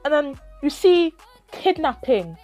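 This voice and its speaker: A young woman vlogger retells a story in a high voice that swoops up and down. She talks at an easy pace, acts out her own shocked reactions and swears freely. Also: sing-song, slow pace, dark tone, faint music behind. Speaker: YouTube vlogger.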